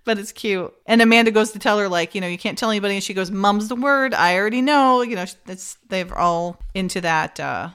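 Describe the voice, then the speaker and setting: A woman's voice: medium pitch, fast, hardly any pauses, fairly bright tone, clear, resonant tone. A woman hosting a podcast, casually retelling scenes and acting out the characters' lines with laughs. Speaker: podcast host recapping an episode.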